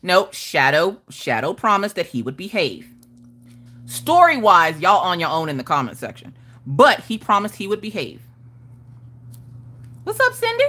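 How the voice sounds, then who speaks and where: A woman's voice: on the low side, wildly swooping pitch, measured pace, pauses often, pushed and bright. A woman hosting a casual crafting livestream, greeting viewers by name and reading their comments aloud with a playful, laughing manner. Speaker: livestream host of a crafting chat.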